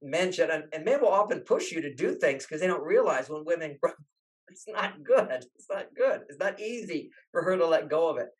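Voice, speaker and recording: Animated older man telling stories. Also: a little high, fairly quick. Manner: animated, acts out quoted voices. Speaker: relationship author and guest. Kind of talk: storytelling interview talk.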